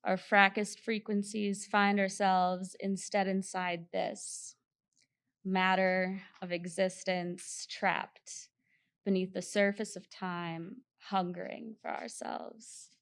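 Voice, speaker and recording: A woman reading her own poem aloud at a poetry event, solemn and deliberate. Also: mid-range voice, level tone. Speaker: local poet.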